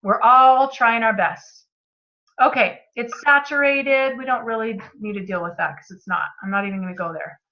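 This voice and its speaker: A woman's voice: a little high, normal speed, highs cut off. A woman hosting a book club, reading passages aloud and commenting with enthusiastic, motivational energy.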